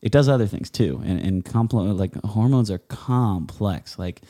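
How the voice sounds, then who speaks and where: Male podcast guest, deep mellow voice, loose rambling explainer. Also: unhurried. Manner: explains with many fillers and restarts, sarcastic asides. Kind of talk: casual conversation.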